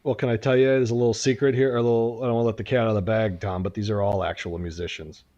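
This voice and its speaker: A man's voice: on the low side, steady tone, very fast, warm tone, dull audio. A man co-hosting a podcast, joking casually and repeating himself. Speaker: podcast co-host. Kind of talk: casual chat.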